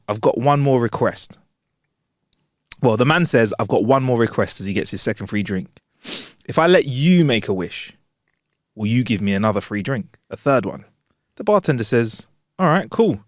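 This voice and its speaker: A man's voice: mid-range voice, no room sound, studio quality. A man hosting a comedy podcast with easygoing, laid-back banter and joke telling. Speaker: podcast host. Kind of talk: casual chat.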